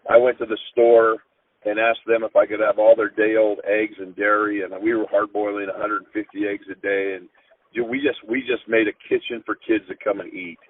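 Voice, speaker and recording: A man's voice: fairly low pitch, flat delivery. Man telling a story over a tinny phone line. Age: middle-aged. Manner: earnest, halting, with frequent restarts. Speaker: high school football coach. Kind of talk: emotional storytelling in an interview.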